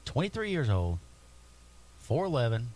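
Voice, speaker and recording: Lively, joking talk show co-host. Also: male voice, mid-range voice, normal speed. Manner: lively, joking, animated storytelling. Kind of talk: casual chat.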